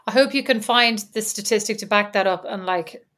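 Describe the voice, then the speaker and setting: A woman's voice: medium pitch, a little fast, a bit bright. Woman, podcast co-host, rambling storyteller, fillers and asides. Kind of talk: casual chat. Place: lives in Indiana.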